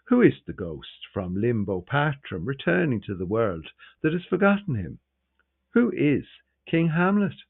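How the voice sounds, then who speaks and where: A man's voice: mid-range voice, measured pace, gravelly, husky, no room sound, pitched above the performer's own voice, heavily acted. A man voicing an intense young male scholar who argues with energy. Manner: energetic, arguing. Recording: tinny, phone-like sound.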